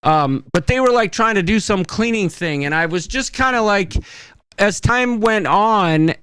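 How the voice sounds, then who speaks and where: Give me a man chatting as a podcast host, full of ums and likes, very expressive pitch. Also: measured pace, clear, resonant tone, dry recording. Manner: rambling storyteller, many fillers. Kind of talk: casual chat.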